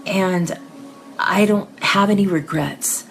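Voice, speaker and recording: A woman hosting a live psychic reading session, talking casually and emotionally to her viewers, tearful, with soft laughs and restarts. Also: medium pitch, slow, music in the background.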